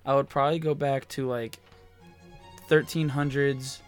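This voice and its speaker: A man's voice: mid-range voice, flat delivery, measured pace, smooth, faint music behind. A young man co-hosting a casual podcast chat, rambling and filling his talk with "like". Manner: rambling, fills with "like". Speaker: podcast co-host.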